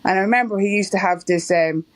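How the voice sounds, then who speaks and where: A fast-talking middle-aged woman from Ireland with a mid-range voice appears as a marathon-running interview guest. The conversation is casual, and she meanders through stories while laughing a good deal.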